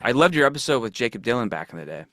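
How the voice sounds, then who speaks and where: Fast-talking podcast host man, dry mic. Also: medium pitch, sing-song, fairly bright tone, no echo. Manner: eager fan, quick, enthusiastic questions. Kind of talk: casual interview questions.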